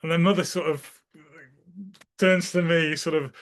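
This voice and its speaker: This interviewee's voice sits on the high side, with fairly even intonation and a slightly slow delivery. He wanders through casual recollections, restarting sentences often and performing the people in his anecdotes.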